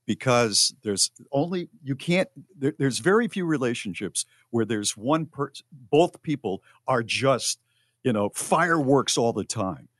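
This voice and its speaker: A man hosting a radio show, chatting casually on a podcast as a relaxed, rambling storyteller. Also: medium pitch, unhurried, dry recording, studio quality.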